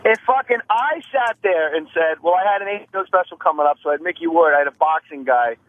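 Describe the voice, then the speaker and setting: A man calling in to a radio show, telling rapid, profane stories and acting out other comedians' lines. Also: fairly high pitch, no room sound, narrow, tinny audio. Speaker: phone-in comedian guest. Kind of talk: animated phone-in storytelling. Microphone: phone line.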